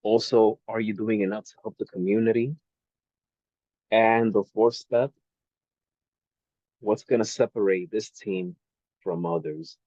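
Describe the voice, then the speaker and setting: A man's voice: on the low side, fairly even intonation, measured pace, long pauses, mellow, breathy edge, dry recording. A man co-hosting a sports talk show, chatting in an easygoing, conversational way. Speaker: podcast co-host. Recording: dull, dry lo-fi audio.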